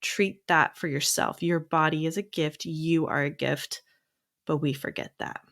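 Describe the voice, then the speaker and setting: A woman in her thirties, a therapist co-hosting a podcast, talking in an encouraging way and reading uplifting lines slowly. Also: deep voice, steady tone, fairly bright tone. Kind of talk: casual podcast chat.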